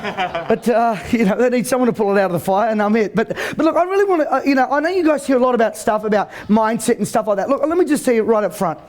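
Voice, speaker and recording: In an event hall before a live audience, a motivational speaker with a very high voice delivers a joking, brash seminar. He talks fast and expressively, stammering into restarts and ordering the crowd around.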